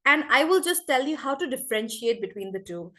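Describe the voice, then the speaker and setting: A chatty woman leads an online accent lesson. Her voice sits a little high, and she slows down to repeat example words. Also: sing-song, bright, forceful tone. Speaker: accent teacher. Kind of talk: online class.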